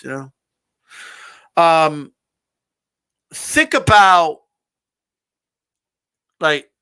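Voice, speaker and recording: A male streamer hosts a live wrestling talk, delivering casual ranting commentary in a bright, high-pitched voice. Loose and animated, he restarts repeatedly and swears freely.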